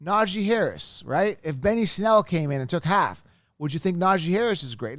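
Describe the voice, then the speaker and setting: A man's voice: high voice, animated, brisk, fairly bright tone, no echo, clean studio sound. A man hosting a fantasy football podcast, venting in an emphatic, heated solo rant and often tagging his points with "right?".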